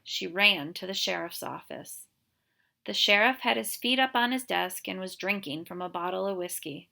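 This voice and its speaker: A woman reading a novel aloud for her students, in a clear, steady storytelling voice. Her tone is bright, with a gravelly fry at the ends of phrases. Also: medium pitch, normal speed. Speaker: reader, teacher.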